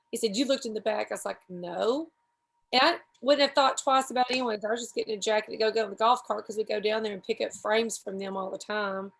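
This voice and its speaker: A woman's voice: fairly high pitch, vocal fry. A woman, a podcast guest, telling rambling, self-deprecating stories in casual chat.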